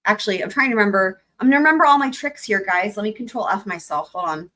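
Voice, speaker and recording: A woman's voice: mid-range voice, animated, quick pace, a bit bright, rough recording. A young woman hosting a live stream, chatting casually and giggling while she talks herself through setting up. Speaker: livestream host.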